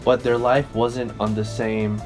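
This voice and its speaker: Over music, a young man co-hosting a podcast tells stories in casual chat, rambling loosely, swearing, and correcting himself. His voice is medium in pitch, with a flat, unhurried delivery.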